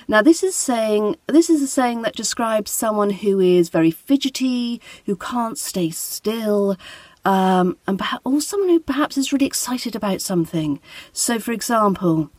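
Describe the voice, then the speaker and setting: A woman with a British RP accent teaching English pronunciation, modeling phrases clearly for the listener to repeat. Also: on the high side, expressive, normal speed, darkish tone, no room sound. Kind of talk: pronunciation lesson.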